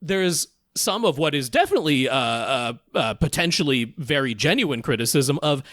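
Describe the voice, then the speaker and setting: Animated man reviewing a film on a podcast. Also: on the high side, moderate pace, no echo, clean studio sound. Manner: animated, talkative, frequent filler restarts. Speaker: podcast co-host.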